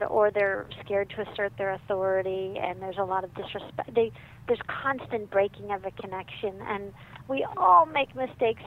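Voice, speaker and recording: A woman's voice: medium pitch, a little hiss or hum. Emphatic woman on a tinny phone line. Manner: animated and emphatic, acts out quoted voices. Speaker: guest parenting author. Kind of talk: interview on parenting.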